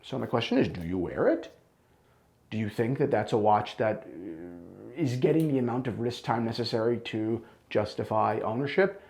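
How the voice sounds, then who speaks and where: A man reviewing a watch collection in a blunt, enthusiastic, animated way. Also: lowish voice, moderate pace, vocal fry. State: out of breath.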